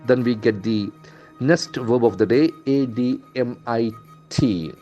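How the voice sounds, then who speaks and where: A man's voice: medium pitch, unhurried, dark tone, faint music behind. Man teaching pronunciation, spelling words aloud. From India. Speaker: English language trainer. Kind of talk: newspaper analysis lesson.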